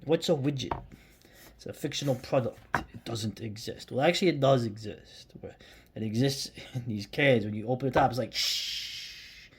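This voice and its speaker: A man from the United States chatting casually to camera about beer, rambling and restarting sentences, sometimes dropping to a hushed near-whisper. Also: mid-range voice, brisk, slight background noise. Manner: rambling, self-interrupting, drops to a hushed near-whisper when admiring the beer. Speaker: beer vlogger.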